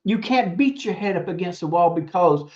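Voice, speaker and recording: Animated yet a little mellow, at normal speed, a middle-pitched stream host who teaches gives a preachy, emphatic talk on raising kids. Repeated words and occasional chuckles punctuate it, over muffled, lo-fi stream audio.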